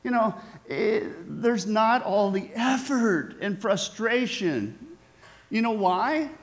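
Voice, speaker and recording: High-voiced, unhurried male preacher. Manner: conversational, asks the audience questions. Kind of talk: sermon.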